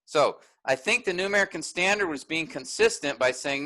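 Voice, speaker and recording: A man's voice: a little high, animated, a little fast, hardly any pauses, sharp tone, rough recording. A man teaching a workshop, explaining step by step and often checking in with "all right?".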